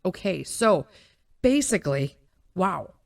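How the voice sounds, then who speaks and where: A woman's voice: lowish voice, sing-song, takes it slowly, creaky, darkish tone, no room sound. A woman podcast host in her thirties telling a personal story in a candid, emotional monologue, often near tears. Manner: emotional, tearful storytelling with frequent fillers. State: crying.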